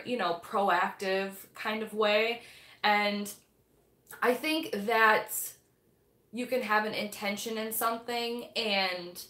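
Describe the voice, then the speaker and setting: In an echoey room, a young woman hosts a casual book club livestream, rambling and chatty with plenty of filler words. Her mid-range voice sounds bright and forceful.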